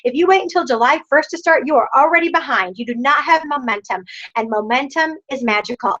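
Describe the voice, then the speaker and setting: Her voice is high, fairly bright, and a little quick as this woman in her thirties pumps up her sales team. The motivational talk, full of repeated rhetorical questions, comes through a dull lo-fi online video call.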